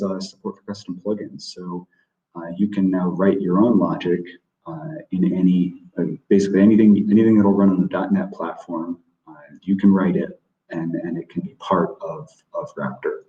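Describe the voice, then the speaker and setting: A low-voiced man with a mellow tone walks through a product in a webinar, hesitating often and leaning on filler words. He sounds distant and roomy, with dull, muffled audio from a video call. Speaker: product presenter. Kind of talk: webinar presentation.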